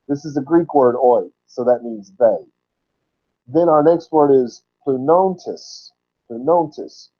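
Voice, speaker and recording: Male Bible teacher, mid pitch, sermon-style word-study delivery, slow repeats for emphasis, lo-fi recording. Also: dark tone. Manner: explains word roots, repeating words slowly for emphasis. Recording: dull lo-fi recording.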